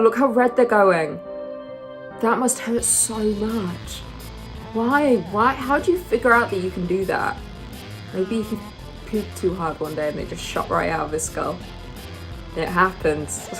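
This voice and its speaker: A woman reacting to gross video clips, squeamish and exclaiming in disgust. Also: mid-range voice. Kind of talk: casual reaction commentary.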